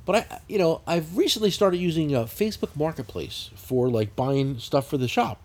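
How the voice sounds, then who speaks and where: A man's voice: a little high, normal speed. A man telling profane stories in a casual podcast chat, often laughing. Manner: profane, animated storytelling with laughter.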